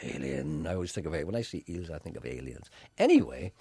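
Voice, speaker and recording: A man with a Northern Irish accent presenting a comedy radio show, telling wry, rambling stories with a deadpan touch. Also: low-pitched, fast talker, breathy edge, no room sound. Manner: wry, drifting into tangents, deadpan storytelling.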